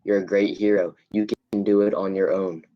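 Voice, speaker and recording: A young man cohosts a casual podcast and rants with animated energy. His voice sits on the lower side. The recording sounds dull and lo-fi. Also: moderate pace. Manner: animated, ranting. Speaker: podcast host. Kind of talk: casual chat. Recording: dull lo-fi mic.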